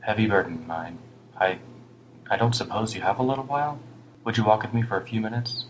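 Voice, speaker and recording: A man's voice: fairly low pitch, steady tone, a little fast, a little hiss or hum, pitched above the performer's own voice, close to an everyday voice, rough recording. A man voicing a weary, older homeless British man who rambles ruefully and reproaches himself. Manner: rambling, rueful, muttering at times.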